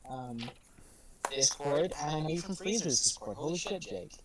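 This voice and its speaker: Man, Irish accent, casual chat, excitable, frequent swearing, background chatter. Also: a little high, moderate pace, rough recording. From Ireland. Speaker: guest on stream.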